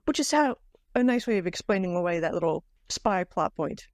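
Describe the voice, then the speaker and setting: A woman's voice: on the low side, lively intonation, a little fast, darkish tone, no echo, clean studio sound. A woman co-hosting a podcast, chatting casually about a book with fillers and restarts. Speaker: podcast co-host. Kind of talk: casual book club chat.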